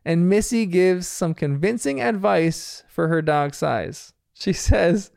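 A man's voice: high voice, expressive, takes it slowly, creaky, hardly any pauses, darkish tone, no room sound, clean studio sound. Amused man recapping a cartoon. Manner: amused, chatty, laughing often. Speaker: cartoon episode reviewer. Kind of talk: casual episode recap.

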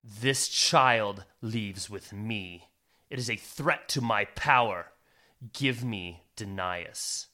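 A man playing a dark hooded sorcerer, low, menacing, imposing, bright tone. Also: slow.

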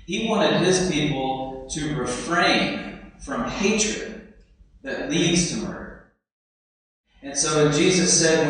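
A man's voice: medium pitch, a bit bright. Male pastor preaching in an echoey hall. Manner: conversational, acts out the crowd's reactions. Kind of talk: sermon. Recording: echoey hall with long reverb.

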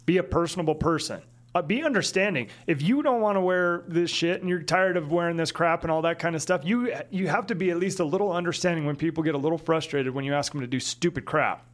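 A man co-hosting a casual chat, talking in an animated way and repeating phrases for emphasis. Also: fairly high pitch, quick pace.

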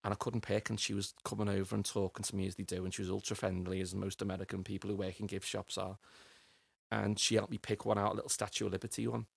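A man's voice: fairly low pitch, level tone, fast talker, gravelly, husky, dry recording. A middle-aged man, telling his life story as a podcast guest in a rambling way, often repeating words as he finds them. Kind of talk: personal storytelling interview.

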